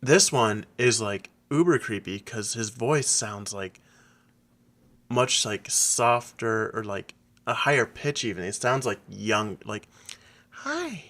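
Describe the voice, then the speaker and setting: A man co-hosting a podcast in casual chat, excitable, laughing often and acting out quotes. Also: on the low side, slow pace. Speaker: podcast co-host.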